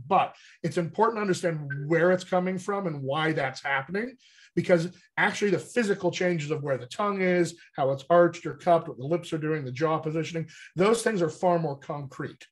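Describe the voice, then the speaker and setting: A man with a slightly higher voice talks as a dialect coach in a teacherly way. He checks in often with a quick "right?". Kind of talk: explanatory interview talk.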